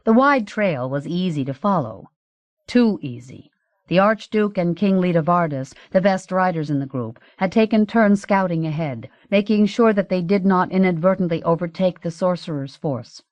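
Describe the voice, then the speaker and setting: A woman narrating an audiobook in a measured, even reading. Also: fairly low pitch, no echo, highs cut off.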